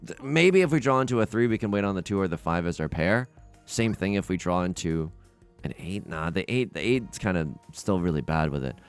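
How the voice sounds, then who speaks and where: A man's voice: sits low, expressive, brisk, clear, resonant tone, soft background music. A young man casually commenting on his own game play, rambling and self-mocking with frequent restarts. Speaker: let's play host.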